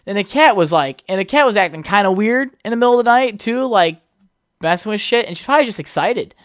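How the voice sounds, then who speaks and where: A young adult podcast host tells a loose, meandering story on their own, cursing freely and drifting into side remarks. The voice sits at a mid pitch and is recorded close and dry, with no room sound around it. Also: fairly bright tone, dry recording. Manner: rambling, heavy swearing, chatty asides. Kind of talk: casual solo podcast storytelling.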